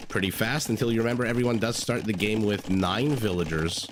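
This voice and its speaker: Low-voiced man casting a game live. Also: a little fast, background noise. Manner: chatty, thinks aloud, greets viewers. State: recovering from a cold. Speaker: game caster. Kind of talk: livestream game commentary. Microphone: desk microphone.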